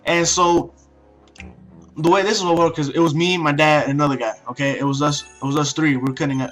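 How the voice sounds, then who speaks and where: A man's voice: a little high, fairly even intonation, fairly quick, a bit bright, faint music behind. A young man of Mexican heritage telling a rambling, profane story, with many restarts and fillers. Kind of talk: casual rant-style story.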